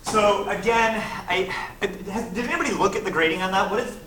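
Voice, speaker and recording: Brief: male teacher, slightly high voice, conversational lecture, distant mic in a roomy classroom. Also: a little fast. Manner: conversational, checks in with frequent "right?". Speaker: physics teacher. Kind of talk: classroom lecture, reviewing test problems. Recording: echoey classroom, recorded from afar, noisy.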